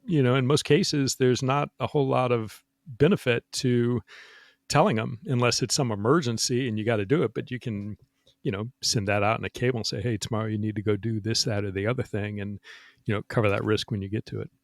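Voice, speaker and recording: A man's voice: mid-range voice, fairly even intonation, brisk, no room sound, studio quality. A middle-aged man, a guest in an interview, explaining things frankly in a rambling, casual way full of restarts. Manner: rambling, frank, peppered with "you know" and restarts. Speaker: guest, former counterintelligence agent.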